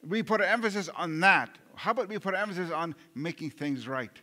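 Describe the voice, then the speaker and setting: A man's voice: high-pitched, a little fast, sharp tone. A male pastor preaching a sermon in an earnest way, often repeating words and restarting, and putting rhetorical questions to the congregation.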